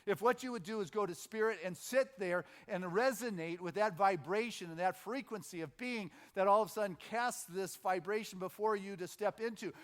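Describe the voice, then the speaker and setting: A middle-aged man delivers a sermon to his congregation, his voice sitting a little higher than most men's. He talks casually and halts often to restart a thought. Then he gathers force by repeating the same phrase several times in a row. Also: fairly bright tone. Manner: informal, halting restarts, builds on repeated phrases. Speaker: minister. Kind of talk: conversational sermon. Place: spiritual center sanctuary.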